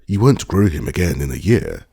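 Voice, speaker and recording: A genial old country landowner with grey whiskers, read by a man in an audiobook. He muses and lectures in a deep, gravelly, husky voice that rises and falls a lot. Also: huge pitch swings, moderate pace, warm tone, no room sound, studio quality, heavily acted. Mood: reflective. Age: older. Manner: genial, reflective, slightly lecturing.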